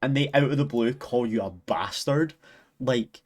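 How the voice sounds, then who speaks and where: Scottish male streamer, young, mid-pitched, chatty and sweary, rambles and giggles through his restarts. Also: animated, unhurried, darkish tone. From Scotland. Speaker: live streamer. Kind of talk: casual chat with stream viewers.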